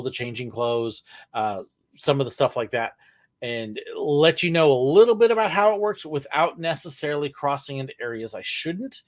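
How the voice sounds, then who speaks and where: A man hosting a live question-and-answer stream, chatting casually and rambling a little, with corny puns thrown in. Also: mid-range voice. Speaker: livestream host answering viewer questions.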